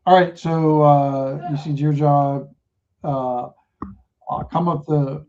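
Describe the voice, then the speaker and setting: A man's voice: on the high side, fairly even intonation, slow, mellow, dull audio. A man narrating as game master of a tabletop game, teasing the player. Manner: teasing, laughs easily.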